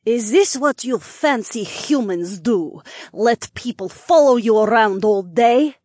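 A hot-tempered dragon lady speaks high above her reader's own register, as a male narrator puts her on, huffing and snarling with heavy sarcasm. Her lines come slow and loud, in a timbre unlike the plain narration, on a dry close recording. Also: expressive, no room sound, heavily acted. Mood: indignant. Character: fiery, short-tempered female dragon in human form. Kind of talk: audiobook character voice.

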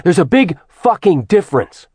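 A snarling, furious ancient god bursts out of the storybook, his voice strained high and loud with rage, performed by a male narrator. The sound is dry and close, with no room around it. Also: sing-song, moderate pace, dry recording, natural voice. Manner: snarling, raised angry voice. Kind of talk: audiobook character voicing.

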